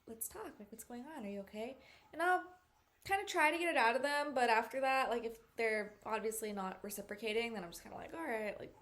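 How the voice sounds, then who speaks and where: A woman hosting a podcast in a casual chat, rambling and searching for words, with lots of "like" and "you know". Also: medium pitch. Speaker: podcast host.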